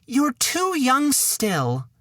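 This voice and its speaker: A man voicing a poor, fretful old mother in a wailing high falsetto in a storybook podcast. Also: wildly swooping pitch, very slow, fairly bright tone, no echo, clean studio sound, heavily acted. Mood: scolding.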